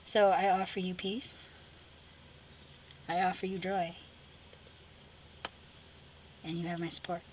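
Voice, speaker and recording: A woman vlogger who chats casually while she works on a sketchbook collage, talking to herself and often dropping to a soft murmur. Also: on the low side, little pitch movement, slow pace, long pauses, a little hiss or hum, rough recording. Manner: chatty, talks to herself while working, drops to a soft murmur. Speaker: craft vlogger. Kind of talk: casual talk while crafting.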